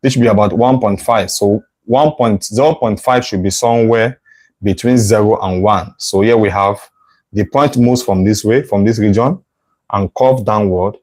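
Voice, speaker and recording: A man's voice: fairly low pitch, normal speed, a little mellow, rough recording. A male math tutor teaching a live online lesson, thinking aloud as he sketches a curve, correcting himself and checking in with "right?".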